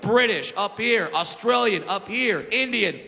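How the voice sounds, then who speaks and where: A man's voice: high voice, a little slow, vocal fry, noisy background. A man performing a stand-up comedy routine on a club stage, telling stories in a brash, punchy way. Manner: brash storytelling, punchy and animated. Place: comedy club stage before a large audience. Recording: reverberant club hall, loud crowd laughter.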